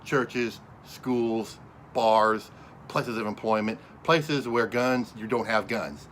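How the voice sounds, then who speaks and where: A man's voice: fairly low pitch, slow, fairly bright tone, slight background noise. A man delivering an angry, combative political rant, speaking directly to his viewers and often raising his voice. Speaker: political commentator. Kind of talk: ranting monologue to camera.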